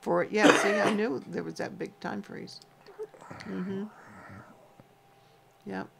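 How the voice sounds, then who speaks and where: Heavy background noise surrounds a woman speaking slowly in a gravelly, medium-pitched voice with fairly even intonation. She's a co-host on a homestead livestream, casually teasing while reading viewer names and comments.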